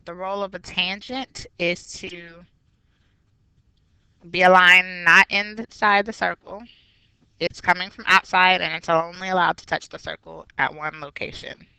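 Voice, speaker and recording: A woman's voice: lowish voice, fairly even intonation, a little slow, gravelly, bright, forceful tone, clear, resonant tone, no echo. A woman math teacher walking through a geometry review step by step, patient and explanatory. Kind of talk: recorded geometry review lesson.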